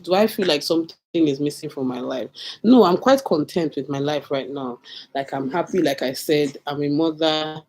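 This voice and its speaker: A woman's voice: low-pitched, moderate pace, darkish tone. A woman in her thirties chatting casually to her viewers, candid and talkative, repeating phrases for emphasis. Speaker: vlogger answering viewer questions. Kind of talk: casual get-to-know-me chat.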